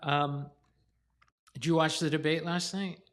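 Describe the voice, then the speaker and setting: A man's voice: on the high side, little pitch movement, a little slow, a bit bright. A middle-aged man co-hosting a podcast, chatting conversationally and thinking aloud. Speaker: podcast co-host. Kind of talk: casual chat.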